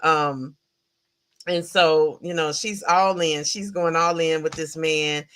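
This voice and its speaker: A woman's voice: deep voice, takes it slowly. Chatty woman recapping a film. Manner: chatty, animated retelling with laughs and questions to chat. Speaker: podcast host reviewing a film. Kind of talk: casual livestream film recap.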